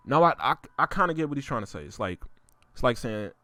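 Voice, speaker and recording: A man's voice: sing-song, fast, no room sound. Slangy man ranting about rap lyrics. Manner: swears freely, slangy, gets louder and higher when worked up. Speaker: host reviewing rap lyrics. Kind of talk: casual rant.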